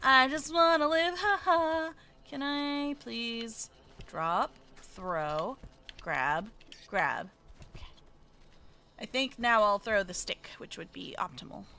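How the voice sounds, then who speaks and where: A woman's voice: fairly high pitch, very animated, takes it slowly, gravelly, pauses often, sharp tone, a little hiss or hum. A woman streaming a live let's play, talking in a cutesy, jittery way and often whimpering that she is scared.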